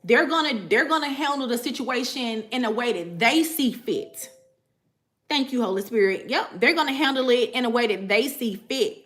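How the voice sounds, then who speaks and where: Bright-voiced woman, loose and profane. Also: fairly high pitch, moderate pace. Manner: profane, animated, laughs often, repeats "you know what I'm saying". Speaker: spiritual tarot vlogger. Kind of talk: casual talk to viewers.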